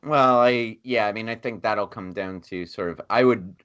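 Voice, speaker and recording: Bright-sounding guy running a podcast bracket, chill and laughing a lot. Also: lowish voice, normal speed, clear, resonant tone, lo-fi sound. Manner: laughing, easygoing moderator. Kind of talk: casual moderating chat.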